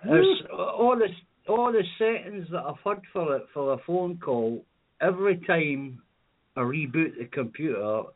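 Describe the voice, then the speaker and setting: A man's voice: fairly high pitch, expressive, measured pace. Rambling Scottish man on a phone line. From Scotland. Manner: rambling, swearing storyteller. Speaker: caller. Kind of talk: casual phone chat.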